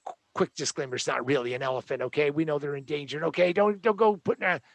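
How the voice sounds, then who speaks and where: A man's voice: on the high side, fast, creaky, dry recording. A man hosting a show, delivering a joking, sarcastic tech rant with a rambling manner. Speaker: host.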